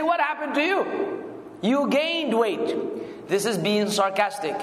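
A man's voice: very high voice, expressive, a little slow, fairly bright tone, reverberant, big-room sound. A man giving a religious lesson, quizzing and joking with his students and reciting Arabic. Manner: quizzes students and jokes with them. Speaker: Islamic religious teacher.

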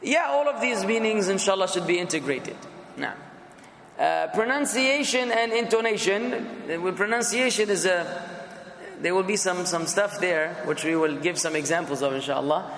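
A man's voice: sits high, lively intonation, moderate pace, fairly bright tone. A man teaching a class, talking casually and repeating questions to the students until someone answers. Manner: conversational, asks the class questions, repeats words. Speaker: instructor. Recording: echoey classroom, some background noise.

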